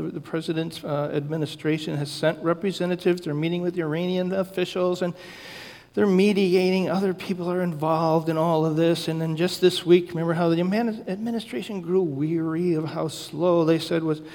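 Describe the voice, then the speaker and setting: Pastor preaching in a reverberant church. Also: male voice, fairly high pitch, darkish tone. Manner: slow, deliberate listing with emphatic stresses. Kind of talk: sermon. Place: church sanctuary.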